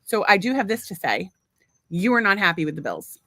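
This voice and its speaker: A woman's voice: mid-range voice, very animated, a little fast, sharp tone, no room sound. Blunt, foul-mouthed woman co-host. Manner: blunt, profane, teasing. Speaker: podcast co-host. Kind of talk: casual banter.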